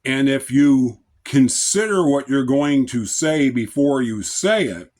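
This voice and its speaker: Male lay preacher, average pitch, unhurried and even-tempered, speaks plainly and conversationally. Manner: calm, measured, conversational. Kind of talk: informal devotional talk.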